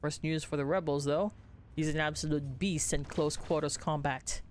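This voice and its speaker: A woman's voice: low voice, steady tone, moderate pace, a little mellow, a little hiss or hum, close to an everyday voice. A woman playing a Southern-drawling army sergeant. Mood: earnest. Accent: put-on American Southern. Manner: earnest, deferential, plain-spoken. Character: gruff loyal male sergeant, tired soldier. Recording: game music behind.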